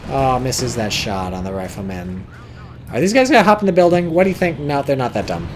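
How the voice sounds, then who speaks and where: An American man casting a strategy game replay in loose, casual play-by-play. His pitch swings widely as he gets excitable, swearing and yelping at the big plays, with a faint hiss of noise behind him. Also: fairly quick.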